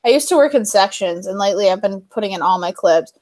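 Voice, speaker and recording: Chewing cookies as she edits video on a livestream she co-hosts, a young woman tells bubbly stories, laughing a lot and performing quotes. She talks fast and animatedly in a mid-range, darkish voice.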